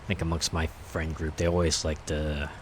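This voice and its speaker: A man's voice: extremely low pitch, flat delivery, normal speed, background noise. A man streaming a game, chatting casually in a rambling, hesitant way with many fillers. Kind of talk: casual chat while playing.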